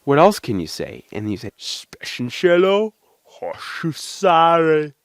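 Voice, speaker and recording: A man's voice: lowish voice, huge pitch swings, brisk, no room sound, studio quality. A young man hosting a casual video, talking playfully and chatting to his supporters. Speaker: video host. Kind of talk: casual talk to camera.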